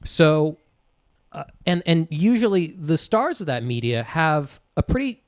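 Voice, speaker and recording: A man's voice: on the high side, big pitch swings, measured pace, no echo, clean studio sound. A man co-hosting a podcast, explaining his theories about films in a laid-back, casual way. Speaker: podcast co-host. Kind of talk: casual movie review chat.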